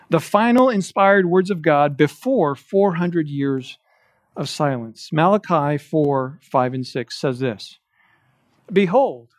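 A man with a notably high voice preaching verse by verse through a passage. He leans hard on quoted lines, slowing to stress each word. The sound is close and dry, with little room around it. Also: no room sound. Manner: emphatic preaching with slow, stressed quotations of scripture. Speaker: pastor. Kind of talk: expository sermon. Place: church.

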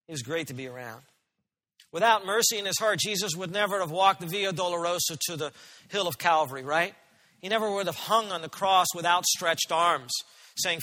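A man's voice: high-pitched, fairly quick, bright, forceful tone, long reverb tail. A man preaching a sermon as pastor, earnest and emphatic, often asking his listeners questions.

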